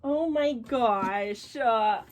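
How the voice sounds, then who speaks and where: A woman's voice: on the high side, drawn-out words. A woman chatting casually to camera at home as a reading vlogger, gushing and exclamatory, swearing freely. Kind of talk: casual vlog chat to camera.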